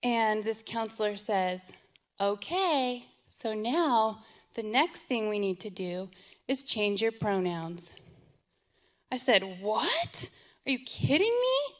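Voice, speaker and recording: A woman's voice: mid-range voice, lively intonation, slow pace. A middle-aged woman giving an earnest, emotional personal testimony as a parent, often repeating herself. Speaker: parent telling her story.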